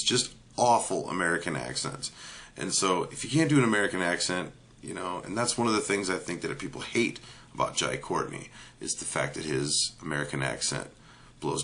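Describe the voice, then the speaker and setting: A man's voice: lowish voice, a bit bright. A man giving a casual, ranting movie review, blunt and profane, with many filler words.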